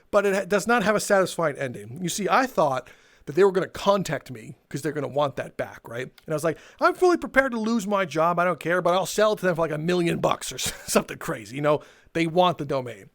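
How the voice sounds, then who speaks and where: A young man telling a casual story for his video channel, animated and swearing, laughing between lines and acting out what people said. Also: sits high, fairly quick. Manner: animated, swearing, laughs mid-sentence, acts out quotes. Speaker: storytelling YouTuber.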